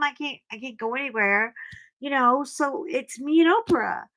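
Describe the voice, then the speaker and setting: A middle-aged woman hosting a casual livestream chat, telling stories in an animated way and greeting viewers by name. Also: high voice, moderate pace, slight background noise. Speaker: livestream host.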